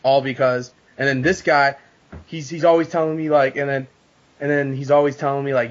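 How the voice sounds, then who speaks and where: A man guest on a casual podcast, telling a story with animated, profane energy. His voice sits in an ordinary middle register. The recording is dull and lo-fi. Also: mid-range voice, a little fast. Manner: animated storytelling, swears a lot. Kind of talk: casual chat.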